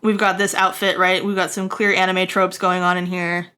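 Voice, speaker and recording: Bright-voiced woman rambling through a design critique. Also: little pitch movement, normal speed, clear, resonant tone. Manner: rambling, filler-heavy, checks in with "right?"; jokey asides to chat, bursts high and loud. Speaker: streamer giving character design critique. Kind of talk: casual livestream critique.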